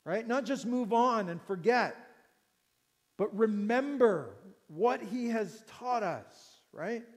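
A middle-aged pastor with a high voice delivers an earnest sermon at an unhurried pace. He repeats his phrases and keeps asking questions of his listeners. His voice rings with the long reverb of a large church hall. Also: lively intonation.

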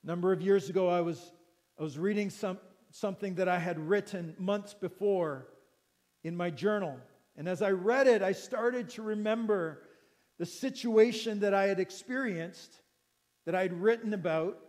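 A man's voice: high-pitched, moderate pace, a little mellow. A middle-aged man preaching a sermon as pastor, earnest, repeating phrases and putting questions to his listeners. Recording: long reverb of a large hall.

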